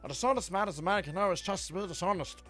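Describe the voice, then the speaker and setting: A man's voice: high voice, racing, a bit bright, faint music behind, pitched above the performer's own voice. A man voicing a manic mashup of a swaggering pirate captain and a small alien creature, hyper and slurring.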